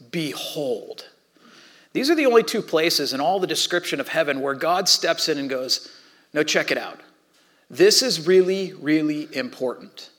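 Man, pastor, conversational sermon delivery, slightly high voice, animated and chatty. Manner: conversational, animated preaching with playful asides.

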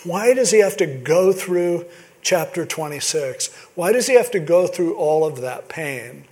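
A man's voice: a little high, expressive, unhurried, a little mellow. A male pastor giving a conversational, earnest sermon, building to emphatic questions.

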